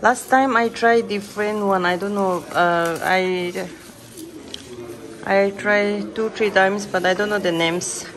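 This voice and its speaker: A woman's voice: mid-range voice, fairly even intonation, takes it slowly, rough recording. A woman from India chatting cheerfully in simple English for her vlog at an ice cream shop, laughing often. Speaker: vlogger. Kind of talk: casual vlog chat. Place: ice cream shop at night, busy with people. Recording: crowd chatter behind.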